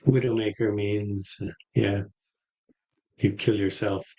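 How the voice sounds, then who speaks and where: A man co-hosting a live trading show, calmly commenting on charts. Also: fairly low pitch, takes it slowly, low-quality recording.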